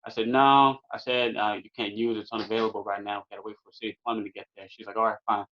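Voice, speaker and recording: A young Californian man, guesting on a podcast, tells a long funny story in a casual, animated way, peppered with fillers like "man" and "or what have you." His voice sits on the low side and moves very fast. The podcast audio is dull and lo-fi.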